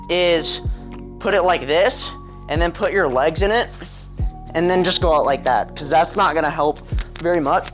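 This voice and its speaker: Casual young man, slightly high voice. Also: a bit bright. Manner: rambling, many ums and throat clears. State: a little out of breath. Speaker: calisthenics coach. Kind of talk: casual fitness tutorial. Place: home with a pull-up bar.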